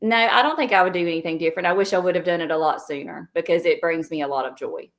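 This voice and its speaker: A woman's voice: fairly low pitch, fast. Modest Southern woman, plainspoken. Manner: modest, plainspoken, drifts off on tangents. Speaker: travel agent guest. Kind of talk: casual interview.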